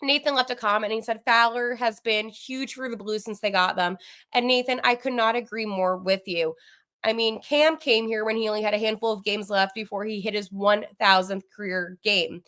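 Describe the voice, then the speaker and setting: A woman hosting a live sports podcast from home, gushing and flustered, breaking into fast asides full of fillers as she chats through the game. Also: medium pitch, fairly even intonation, a bit bright. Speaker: podcast host. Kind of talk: excited live post-game sports chat.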